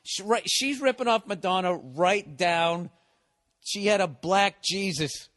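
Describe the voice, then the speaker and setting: A man's voice: high voice, slow, fairly bright tone. Brief: a male comedy podcast host, profane and sarcastic, ranting through a story.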